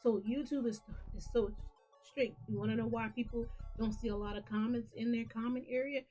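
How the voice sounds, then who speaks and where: A woman's voice: fairly high pitch, fairly even intonation, brisk, dark tone, highs cut off, soft background music. A woman hosting her own gaming channel, talking to camera in a casual, earnest, rambling way with many restarts.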